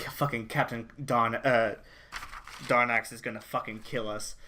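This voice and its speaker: A man's voice: mid-range voice, fairly bright tone. A man playing a tabletop game, talking in character in a casual, apologetic way with plenty of swearing. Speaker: player.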